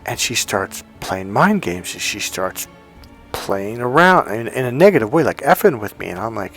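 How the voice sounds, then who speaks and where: A man's voice: medium pitch, normal speed. A middle-aged man, a relationship coach, telling a personal story in a casual monologue and acting out both sides of an argument. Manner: animated storytelling, acts out both sides of a quarrel.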